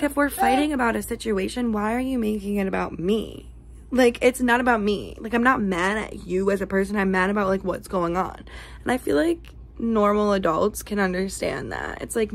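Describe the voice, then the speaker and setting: A young woman vlogger chatting casually to camera, venting in a chatty, profane way. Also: gravelly. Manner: chatty, profane, venting with big swings in pitch. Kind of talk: casual vlog chat.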